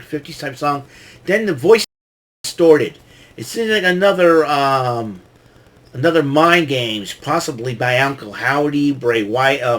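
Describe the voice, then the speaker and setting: A man hosting a show, recapping events in a casual monologue into a microphone, rambling with many restarts and fillers. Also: medium pitch. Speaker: show host. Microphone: talking into a microphone.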